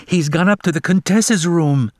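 A man's voice: a little high, normal speed, no echo, clean studio sound, pitched above the performer's own voice, lightly acted. A man reading a storybook aloud, voicing an anxious young male cat who pleads urgently to be believed.

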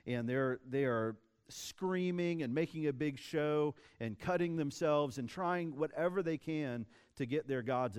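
Young male pastor, casual storytelling sermon, smooth clear voice, mid pitch. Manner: casual, animated storytelling with restarts.

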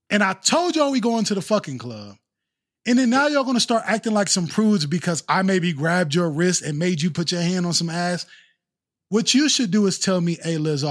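A man co-hosting a podcast, chatting casually and profanely, often acting out quotes in mocking voices. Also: sits high. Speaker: podcast co-host. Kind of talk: casual comedic chat.

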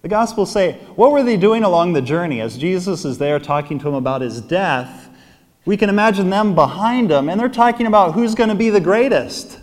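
A man's voice: high-pitched, lively intonation, fairly quick. A man preaching a sermon at mass in a conversational style, often checking in with his listeners by asking "right?". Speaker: priest. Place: church. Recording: long church reverb.

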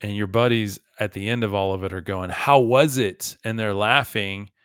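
A man's voice: fairly low pitch, fairly even intonation, brisk, a bit bright, clear, resonant tone, dry recording, clean studio sound. A man hosting a podcast in a casual, emphatic monologue, often saying "like" and talking to his listeners as "guys". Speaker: podcast host.

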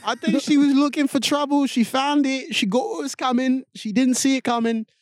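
A man's voice: very high voice, steady tone, moderate pace, dry recording, clean studio sound, pitched above the performer's own voice. A man putting on a smug, dismissive investigator, skeptical yet accusatory.

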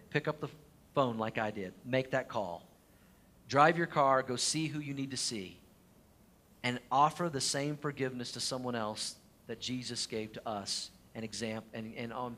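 A middle-aged pastor preaches with earnest feeling, telling his own story to the congregation. His voice sits at an ordinary pitch for a man and often sinks to a quiet hush when he speaks of hurt and love. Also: normal speed. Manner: earnest personal storytelling, drops to a soft hush at emotional points. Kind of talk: sermon.

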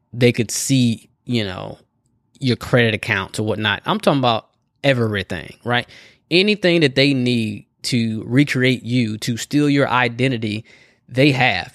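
A man's voice: mid-range voice, a bit bright, no echo, clean studio sound. A man hosting a podcast in casual solo talk, conversational, often tagging his sentences with "right?" and laughing now and then. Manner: conversational, keeps adding "right?" as a tag. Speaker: podcast host.

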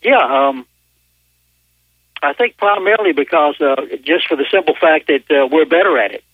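A man's voice: a little high, lively intonation, normal speed, dry recording. A man from Louisiana with a Southern accent, talking casually as an interview guest in a hesitant way, over the phone. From Northwest Louisiana. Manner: hesitant, many fillers and restarts. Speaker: author and paranormal investigator guest. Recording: tinny phone line.

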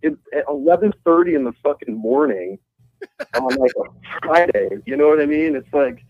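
Calling in as a guest over a muffled phone line, a guitarist tells a rambling, casual story, swearing freely and laughing along. His voice is a little high, with lively intonation and a moderate pace, and the recording is dry.

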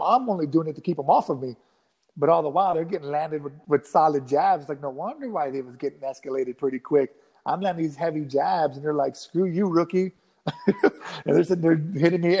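Fast-talking animated man telling stories. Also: fairly high pitch. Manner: animated, rambling, acts out quotes with many restarts. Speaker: guest fighter. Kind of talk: casual storytelling in a podcast interview.

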